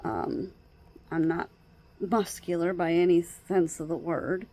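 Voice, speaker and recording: A woman vlogging in casual personal talk, hesitant, with many pauses, fillers and restarts. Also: on the low side, fairly even intonation, mellow. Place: outdoors at night by her door.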